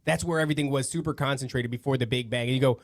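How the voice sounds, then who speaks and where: A man hosting a casual podcast chat, talking in an animated, slangy way and acting out what others say. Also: medium pitch, rapid-fire. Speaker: podcast host. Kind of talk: casual conversation.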